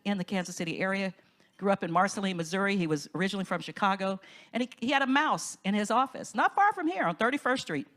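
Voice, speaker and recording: Enthusiastic woman minister giving a talk. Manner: lively storytelling, often rising high with enthusiasm. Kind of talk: inspirational talk at a conference.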